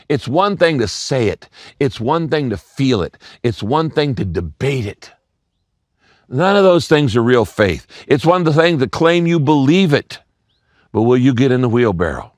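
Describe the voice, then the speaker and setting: A man's voice: mid-range voice, expressive, moderate pace, no echo, clean studio sound. An older man preaching a sermon, telling stories and acting out quoted voices, repeating key lines for emphasis. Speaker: pastor.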